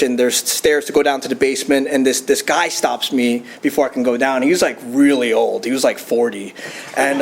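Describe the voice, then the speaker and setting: A young man tells his recovery story to a meeting in a loose, chatty way. He uses plenty of fillers and restarts, and his voice sits a little high. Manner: casual, storytelling with fillers and laughs. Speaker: AA speaker.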